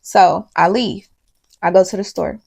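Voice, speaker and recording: A woman's voice: on the low side, a little slow, creaky, darkish tone, husky. A woman telling a storytime video, rambling and emphatic, swearing often, talking straight to her viewers and sounding worked up and worried. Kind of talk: casual storytime monologue.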